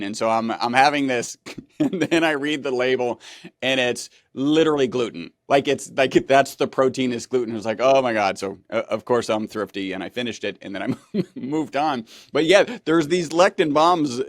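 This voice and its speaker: A man's voice: mid-range voice, no echo. Casual male interviewer, dry close sound. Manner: chatty, casual questioner with fillers. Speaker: interviewer host.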